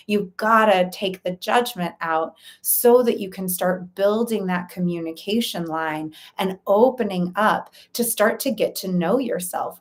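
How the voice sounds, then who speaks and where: A woman life coach giving a direct-to-camera talk, earnest and explanatory, laying out her points in long lists. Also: on the low side.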